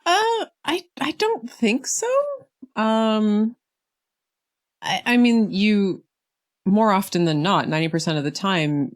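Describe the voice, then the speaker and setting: Hesitant low-voiced woman guest. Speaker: guest streamer. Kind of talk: casual chat.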